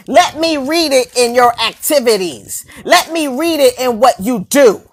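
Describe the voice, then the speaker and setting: A woman's voice: high-pitched, lively intonation, a little slow. A woman delivering a confrontational, preachy rant to camera, mocking her targets and firing off rhetorical questions and repeated lines.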